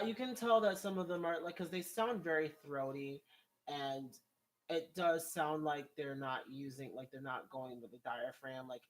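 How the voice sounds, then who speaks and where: A man vlogging in casual commentary, reading viewer comments and rambling in an exasperated way. He laughs often, and his voice rises when he gets worked up. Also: mid-range voice.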